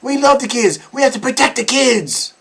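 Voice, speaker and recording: A man's voice: very high-pitched, animated, moderate pace, a bit bright, breathy edge, full character voice. A man mocking a sing-song sweet-talker. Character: sugary mocking adult reassuring kids are safe.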